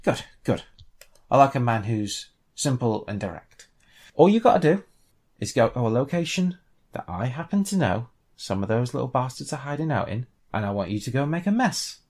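A man's voice: mid-range voice, sing-song, normal speed, a little mellow. A man voicing a manic, vicious male dwarf gang boss who cackles and gloats. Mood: scheming.

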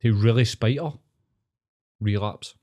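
A man's voice: on the low side, unhurried, a little mellow, lo-fi sound. A man with a Glasgow accent, co-hosting a podcast, teasing his friend with sweary banter. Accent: Scottish, Glasgow. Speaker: podcast co-host. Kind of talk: casual chat.

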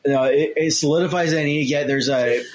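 A man co-hosting a podcast, talking in a relaxed, conversational way. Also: on the high side, quick pace, heavy background noise. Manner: relaxed and conversational, says "dude". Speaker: podcast co-host. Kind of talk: casual chat.

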